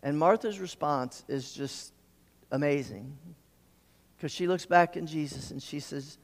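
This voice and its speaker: A man delivering a sermon in a somewhat high voice, repeating words and stumbling into restarts as he presses his point. His voice carries a long reverb, as in a large sanctuary. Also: measured pace, vocal fry. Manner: repeats words and stammers on restarts, building emphasis. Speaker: pastor.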